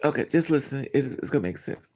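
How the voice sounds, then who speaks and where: A man hosting a livestream, telling a personal story to his viewers in a candid, animated, blunt way. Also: mid-range voice, fast, a little hiss or hum. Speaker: livestream host. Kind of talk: casual storytelling to a live chat.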